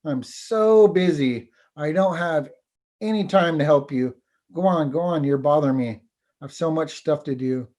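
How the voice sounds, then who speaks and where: A man's voice: on the high side, darkish tone, natural voice. A man voicing a busy, impatient female acorn tree in a spoken folk tale, brusque and dismissive. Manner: brusque, hurried.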